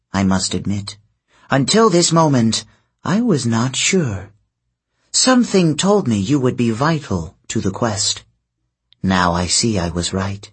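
A man voicing a husky, stately goddess queen. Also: mid-range voice. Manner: stately, measured, commanding. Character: proud queenly goddess, grave and imperious.

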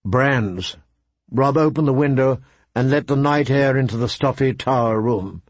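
A man narrating a story in a measured, even audiobook reading. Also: medium pitch, no room sound.

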